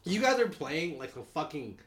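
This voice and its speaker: A man's voice: fairly high pitch, big pitch swings, moderate pace, fairly bright tone, slight background noise. A man co-hosting a podcast, ranting about basketball in casual, heavily profane talk. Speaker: podcast co-host. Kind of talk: casual sports chat.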